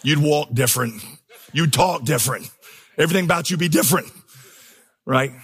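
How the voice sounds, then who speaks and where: A man's voice: fairly high pitch, normal speed, fairly bright tone, husky. A man preaching a sermon as pastor, telling stories with humor and building to emphatic, impassioned crescendos. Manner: storytelling, humorous asides.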